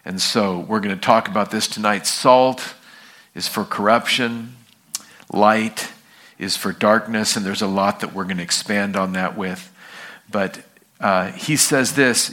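A man's voice: fairly low pitch, a little slow, sharp tone. A man pastor teaching an evening sermon, reading scripture and asking the congregation questions in a conversational way.

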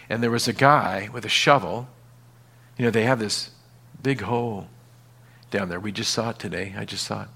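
A male pastor preaches in an easygoing, conversational way at a mid-range pitch. He often sinks to a softer, lower voice to stress a point, then acts out little everyday scenes to make it. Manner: conversational preaching, dropping to quiet emphasis. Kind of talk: sermon.

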